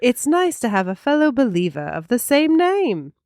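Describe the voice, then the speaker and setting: A woman's voice: a little high, big pitch swings, moderate pace, darkish tone, no room sound, studio quality, pitched above the performer's own voice. A woman voicing a gushing posh British lady with a plummy put-on accent while reading aloud from a listener's review.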